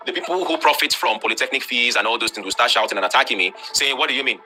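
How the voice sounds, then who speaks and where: Blunt, fast-talking Nigerian man lecturing. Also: medium pitch, animated, a little hiss or hum. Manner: blunt, forceful lecturing with rhetorical questions. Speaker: online class host. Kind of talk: live-streamed talk to students.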